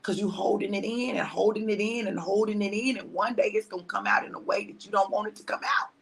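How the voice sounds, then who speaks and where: A woman pastor, preaching conversationally on a livestream, repeating phrases for emphasis and dropping to hushed tones. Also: medium pitch, fairly even intonation, fast, gravelly.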